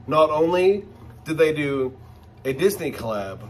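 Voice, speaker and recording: Gushing man with a slow drawl. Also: fairly high pitch, a little hiss or hum. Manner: gushing and excitable, talks to viewers directly. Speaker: channel host. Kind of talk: casual unboxing vlog.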